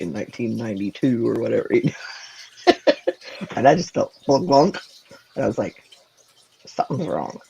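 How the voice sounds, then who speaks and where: Brief: woman in her 40s, casual chat host, gravelly voice with lively swings in pitch. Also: slight background noise, poor audio. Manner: animated, many "like"s, acts out quoted dialogue. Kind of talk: casual chat, personal storytelling.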